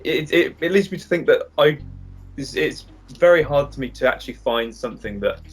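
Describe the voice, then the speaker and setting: Halting man in a movie chat. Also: a little high, lively intonation, slightly rough, faint music behind. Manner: halting, with many restarts. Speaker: co-host.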